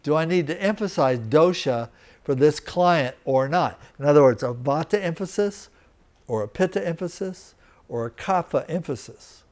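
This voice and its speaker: A man's voice: on the high side, lively intonation, darkish tone. A man teaching a live lecture, explaining step by step and often checking that his students understand. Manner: slow, deliberate, checks in with students. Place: teaching center room.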